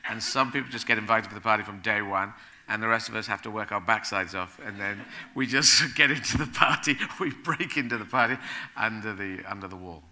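A man speaking as a guest onstage at a live event, rambling and animated, often laughing as he talks. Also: lowish voice, fairly quick.

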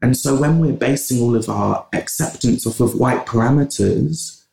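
A man's voice: medium pitch, normal speed, gravelly, a little mellow. A man from in England, a podcast guest talking passionately in long runs with restarts. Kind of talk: conversational interview. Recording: roomy echo.

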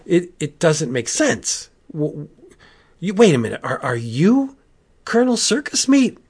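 Flustered teen boy, high and stammering , put on by a man. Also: very animated, a little slow, darkish tone, slightly rough, heavily acted. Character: nervous teenage boy, questioning and flustered.

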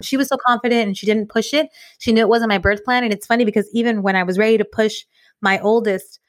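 A fast-talking woman in her forties chats on a podcast, bouncing through a personal story and acting out the people in it. Her voice sits fairly high and the sound is dry and close, with no room around it. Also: dry recording. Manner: animated, acts out quoted voices. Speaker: podcast co-host. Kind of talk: casual storytelling chat.

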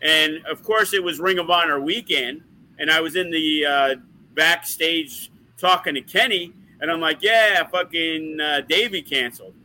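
A man's voice: on the high side, measured pace, pushed and bright, a little hiss or hum, low-quality recording. A man who is a wrestling promoter, telling rambling, profane stories in a casual podcast chat. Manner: profane, rambling, uses lots of fillers.

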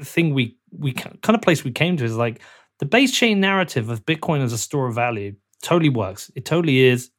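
Man, podcast host, excited, conversational, casual swearing. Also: medium pitch. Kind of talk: podcast interview.

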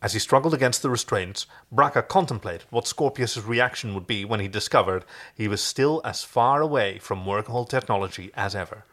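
A man co-hosting a casual podcast, chatting and reading fan fiction aloud in an expressive way. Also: on the low side, a little fast. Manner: animated, expressive, jumps into voices. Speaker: podcast co-host.

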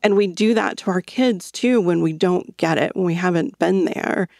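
A woman hosting a parenting talk show, reflecting quickly on anxiety and sharing her own experience. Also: fairly low pitch, gravelly, a little mellow, dry recording, clean studio sound. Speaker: podcast host. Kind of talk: casual conversational interview.

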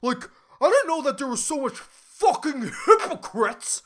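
A woman voicing an angry young female student ranting loudly on the phone and over-pronouncing her words. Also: fairly high pitch, lively intonation, slow. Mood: indignant rant. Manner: loud, indignant, over-pronounced, profane.

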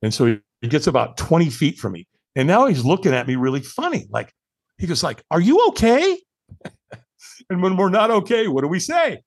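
A man in his sixties from California, a podcast guest telling a story with lively acted-out dialogue. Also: a little high, fairly quick, husky. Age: 60s. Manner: animated storyteller acting out dialogue.

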